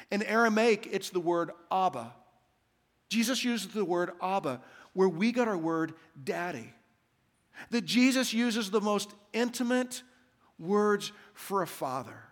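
Man, pastor preaching, fairly high voice, relaxed humor, repeats phrases for emphasis. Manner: conversational preaching with humor and rhetorical repetition. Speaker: senior pastor. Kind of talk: sermon. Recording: long hall reverb.

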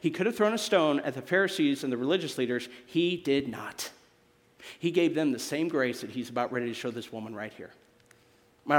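A young adult man from Missouri preaching a sermon as a guest speaker, animated and joking with the congregation. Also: high voice, long reverb tail. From Missouri, USA. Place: church sanctuary.

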